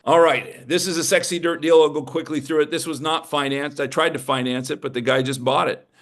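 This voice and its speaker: A man giving an energetic, emphatic seminar presentation on real estate investing. He often asks the audience rhetorical questions. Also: a little high, a little fast.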